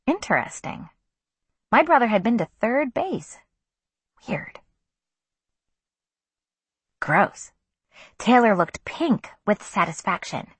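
Soft, breathy woman reading an audiobook. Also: on the high side, sing-song, slow, pauses often, no echo. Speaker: audiobook narrator. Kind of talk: first-person audiobook narration.

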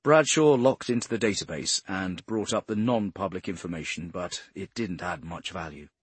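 Husky male audiobook narrator. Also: deep voice, normal speed, dry recording. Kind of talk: audiobook crime novel narration.

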